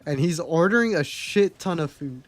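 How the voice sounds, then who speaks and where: A man's voice: fairly high pitch, expressive, normal speed, no echo. A young man streaming live, telling stories from his life in a chatty, candid way and swearing freely. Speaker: livestreamer. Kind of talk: casual storytelling to a live chat.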